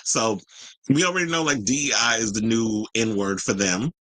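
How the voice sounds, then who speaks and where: A man hosting a casual commentary show and reading viewer comments in an animated, sassy, outspoken way. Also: fairly low pitch, moderate pace, dry recording, rough recording. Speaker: host.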